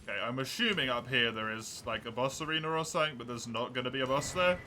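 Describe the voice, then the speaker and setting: A man's voice: mid-range voice, quick pace, sharp tone, a little hiss or hum. A male streamer giving chatty live gameplay commentary, reacting aloud and answering his chat.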